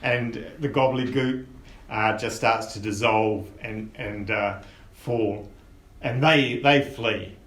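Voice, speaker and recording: A man narrating a tabletop game as dungeon master, unhurried and descriptive, with frequent fillers. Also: fairly low pitch, a bit bright. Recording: roomy echo with faint noise.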